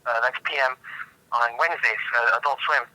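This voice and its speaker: Bright deadpan man spinning absurd jokes. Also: mid-range voice, brisk, no room sound, rough recording. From United States, Pacific Northwest. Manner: deadpan, absurd joking with hesitant restarts. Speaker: podcast guest. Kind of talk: comedic podcast interview.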